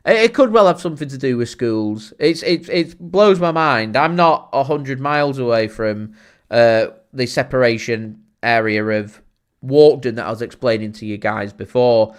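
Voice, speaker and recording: A man chatting casually as a football fan streaming a watchalong, rambling with many fillers and getting excited when reacting to the play. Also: medium pitch, a little slow, clean tone. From Greater Manchester, England. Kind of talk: casual watchalong chat with live match reaction.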